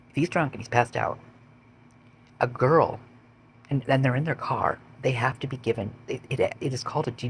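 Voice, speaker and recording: A man's voice: mid-range voice, gravelly, a little hiss or hum. A man reading out police call logs and adding blunt, swearing commentary of his own. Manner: blunt, swears when indignant. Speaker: vlogger.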